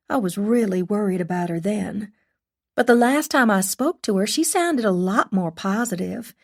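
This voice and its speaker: A friendly young mother with a strong Southern accent, performed by a female audiobook narrator. She speaks slowly and gently, drawing out her words in a confiding way. Her voice is set a little higher and softer than the narration.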